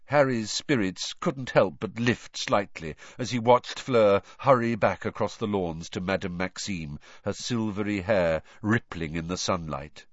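A man narrating an audiobook in an expressive, animated reading. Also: lowish voice, a little slow, hardly any pauses, no echo, muffled recording.

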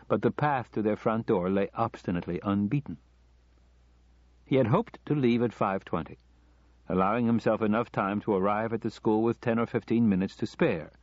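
An audiobook narrator with a low male voice reads a scripted story aloud in measured, even narration. The sound is close and dry, with a slightly dull, lo-fi quality.

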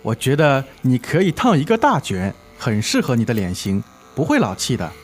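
Man as a salesy hairdresser, coaxing, lively pitch, scripted lesson dialogue. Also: brisk, soft background music. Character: persuasive male hairdresser selling extras.

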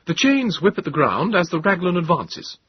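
A man voicing a young British soldier who talks in a brisk, clipped military way. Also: high-pitched, sing-song, slightly rough, no echo, pitched above the performer's own voice, full character voice. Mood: explaining. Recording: slightly dull, dry recording.

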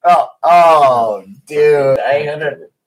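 A man's voice: a little high, drawn-out words, a little hiss or hum. A drunk man co-hosting a casual podcast, laughing often between lines. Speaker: podcast co-host. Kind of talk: casual late-night chat.

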